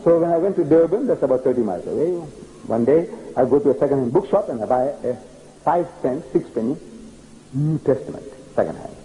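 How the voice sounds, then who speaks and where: An older man from South Africa giving a storytelling lecture, animated and emphatic, often repeating key phrases. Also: mid-range voice, brisk, rough recording.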